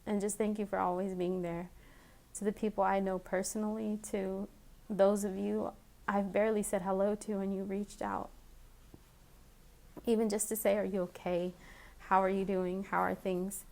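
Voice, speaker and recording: A woman recording a heartfelt personal video message, speaking in an emotional, halting way with many restarts, and she has children. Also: mid-range voice, level tone, creaky, a little mellow. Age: adult with children. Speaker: vlogger.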